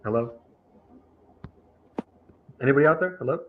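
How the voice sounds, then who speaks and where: Speaking at a normal speed over a noisy background, a man phones into a streamed show for a heated debate. He lectures with a sense of grievance and imitates others in a higher voice, all in dull lo-fi audio.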